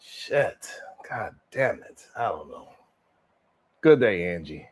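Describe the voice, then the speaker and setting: A man with a low, darkish and slightly rough voice hosts a laid-back livestream, reading super chats and reacting to viewers. He speaks slowly with big swings in pitch, laughing, sighing and drawling slang along the way.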